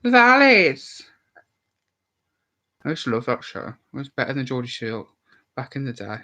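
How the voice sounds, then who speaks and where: A channel host in his twenties from the Worcestershire area of England, with a light Birmingham accent, chats casually to camera, opinionated and swearing freely. He talks fast at medium pitch with fairly even intonation, and the audio is dull.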